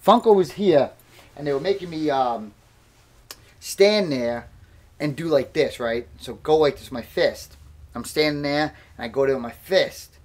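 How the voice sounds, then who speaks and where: A man in his thirties talks casually on a live stream from home. His voice sits a bit on the high side. He rambles through stories and pokes fun at himself. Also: normal speed. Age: 30s. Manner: rambling, self-mocking, bursts into loud laughter. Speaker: livestream host and boxer.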